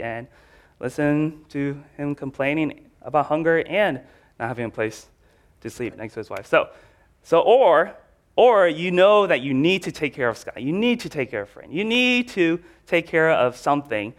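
A man's voice: on the high side, very animated, normal speed. A man preaching a casual sermon, telling stories in a chatty way with lots of filler words.

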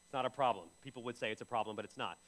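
A man's voice: mid-range voice, racing, a bit bright. A middle-aged man preaching a sermon, telling the story vividly and acting out the voices of the people in it. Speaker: pastor.

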